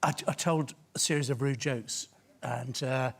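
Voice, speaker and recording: A man's voice: mid-range voice, steady tone, a little slow, vocal fry. An older man, a chat show guest, telling dry, self-deprecating stories.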